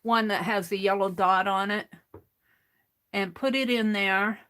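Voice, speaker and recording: A woman's voice: mid-range voice, steady tone, measured pace, a bit bright, smooth. A woman hosting a craft livestream, explaining how to clean a paint bottle in a rambling way, restarting her sentences as she works with her hands.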